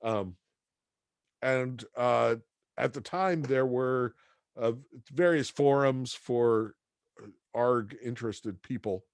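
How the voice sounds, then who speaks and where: A man's voice: medium pitch, takes it slowly, long pauses, clear, resonant tone, dry recording. A man teaching a class, telling a story in a rambling, hesitant way full of fillers and restarts. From near Boston, USA. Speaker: instructor.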